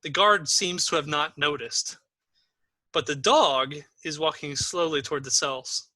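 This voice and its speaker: Bright-voiced game master man. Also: on the high side, unhurried, no room sound. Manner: casual, laughs easily. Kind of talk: narrating a tabletop game.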